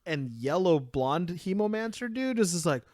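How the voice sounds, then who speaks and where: A man's voice: sits high, normal speed, no echo, clean studio sound. Young man animatedly recapping an anime. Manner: animated recapping, acts out characters' lines. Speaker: podcast co-host. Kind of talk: casual anime review chat.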